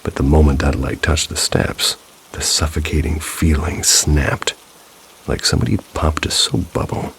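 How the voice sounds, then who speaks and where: A man's voice: rumbling low, steady tone, normal speed, creaky, fairly bright tone, a little hiss or hum. A man narrating first-person paranormal stories in a scripted way, dropping dry, wry asides. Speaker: storyteller reading viewer stories.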